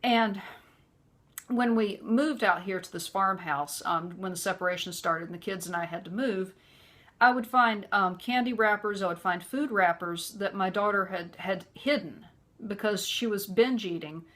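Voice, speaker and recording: A woman recounting her own experiences in an earnest, conversational manner. She talks at a moderate, middle pitch and keeps filling her pauses with "you know". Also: a bit bright. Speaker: vlogger. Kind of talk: personal storytelling.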